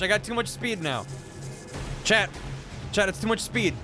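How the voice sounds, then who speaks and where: A man's voice: high voice, expressive, moderate pace. Goofy streamer man over game music. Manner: goofy, talks to chat, swears and groans at the game. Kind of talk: casual live-stream gameplay commentary. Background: video game music.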